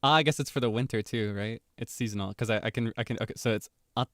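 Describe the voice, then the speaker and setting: A man's voice: medium pitch, quick pace, dry recording, clean studio sound. Giggly, chatty male streamer. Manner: animated, giggly, rambling asides. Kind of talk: casual stream chat.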